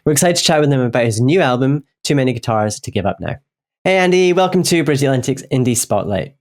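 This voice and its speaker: A Scottish man co-hosting a casual music interview show, briskly reading introductions. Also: mid-range voice, expressive. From Scotland. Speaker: co-host.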